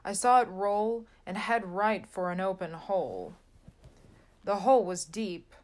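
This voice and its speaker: Woman reading a children's picture book aloud, sing-song rhymes, slow pace, mid pitch. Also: animated. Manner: sing-song rhyming delivery. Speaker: storybook reader.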